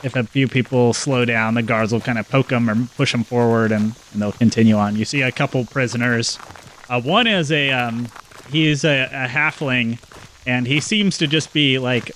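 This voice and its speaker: A man's voice: mid-range voice, normal speed, a bit bright, slight background noise, low-quality recording. A man narrating a tabletop game as game master in a casual, loose way.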